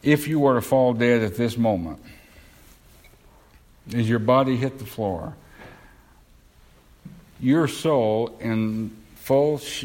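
A man's voice: lowish voice, darkish tone. A man preaching a sermon, earnest and emphatic, lifting his voice when quoting Scripture. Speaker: pastor.

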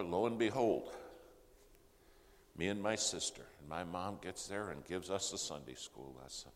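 A man telling a personal testimony in sermon-style storytelling, dramatic and dropping to hushed whispers for emphasis. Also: sits low. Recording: long reverb in a large hall, faint background noise.

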